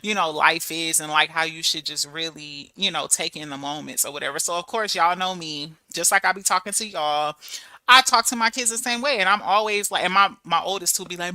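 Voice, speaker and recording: A woman in her thirties chatting casually to her viewers, telling stories in a lively, animated way. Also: lowish voice, brisk, dry recording. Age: 30s. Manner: chatty, storytelling, animated with laughs and quoted voices. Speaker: channel host. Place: abroad in Germany.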